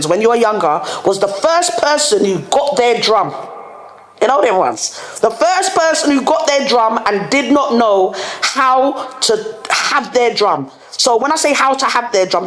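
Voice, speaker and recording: A young woman hosting a solo podcast, animated and direct, laughing often and using plenty of slang. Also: a little high, reverberant. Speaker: podcast host. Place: studio room.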